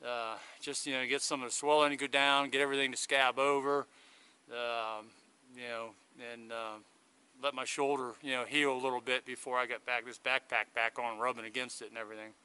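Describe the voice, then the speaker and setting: A man's voice: medium pitch, level tone, fairly quick, bright, forceful tone, clean tone. A man chatting to a handheld camera outdoors on a hiking trail, rambling through a long story in a casual vlog. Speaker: hiker vlogging his thru-hike. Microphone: handheld video camera.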